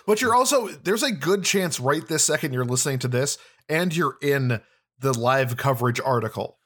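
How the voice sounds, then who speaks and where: A young man co-hosting a casual podcast, enthusiastic and quick to laugh. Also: mid-range voice, expressive, a bit bright. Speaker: podcast co-host and writer.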